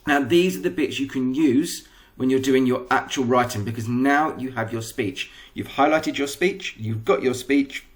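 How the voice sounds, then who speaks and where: English male teacher, patient step-by-step lesson, mid pitch. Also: normal speed. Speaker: primary school teacher. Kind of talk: recorded lesson explanation.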